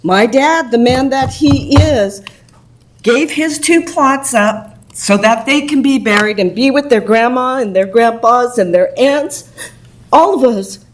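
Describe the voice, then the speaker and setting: A woman's voice: fairly high pitch, a little slow, low-quality recording. A woman speaking emotionally and indignantly during public comment at a city council meeting.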